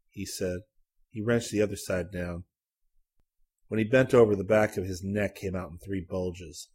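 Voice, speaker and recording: A man reading a literary short story aloud, narrating at a measured, even pace. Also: deep voice, husky.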